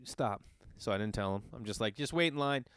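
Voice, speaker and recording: Animated, profane man telling a story. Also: fairly low pitch, fairly quick, clear, resonant tone, no room sound. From Los Angeles area. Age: adult with children. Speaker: podcast host. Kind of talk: casual storytelling monologue.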